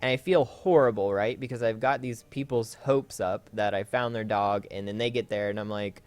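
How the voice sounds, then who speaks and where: A man's voice: lowish voice, steady tone, measured pace, smooth. A man hosting a Let's Play, rambling through a casual story with lots of fillers and self-corrections while he plays.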